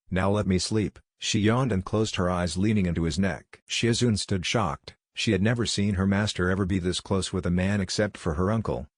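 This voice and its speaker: A man narrating a fanfiction story in a measured, even scripted read. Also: low voice, no room sound, studio quality.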